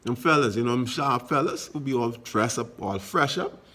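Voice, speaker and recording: A man's voice: medium pitch, normal speed, pushed and bright. A middle-aged Bahamian man giving a casual motivational monologue, emphatic and repetitive, telling stories as he goes. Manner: emphatic, repetitive exhortations, storytelling. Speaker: vlogger.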